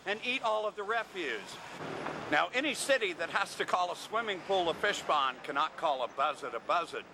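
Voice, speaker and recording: A man's voice: sits high, animated, moderate pace. A man from the American South giving a walking tour outdoors at a city market, wry and joking as he tells stories. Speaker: tour guide. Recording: loud outdoor street noise.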